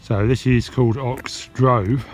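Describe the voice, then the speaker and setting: Walking the hills with his camera, an English hiking vlogger speaks slowly in a mid-range voice, relaxed and chatty, thinking aloud with fillers and at times out of breath. Background music sits behind a dull, lo-fi recording.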